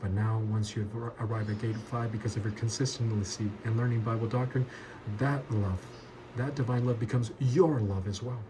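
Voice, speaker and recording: A man's voice: fairly low pitch, steady tone, normal speed. A man teaching an expository Bible lesson as a pastor, emphatic and repeating key words for stress. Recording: noticeable background ambience noise.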